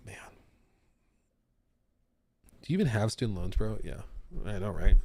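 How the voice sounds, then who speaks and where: Animated young man chatting on stream. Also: fairly low pitch, measured pace, long pauses, no echo, clean studio sound. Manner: animated, jokey, reacting to chat. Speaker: streamer host. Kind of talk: casual live-stream chat.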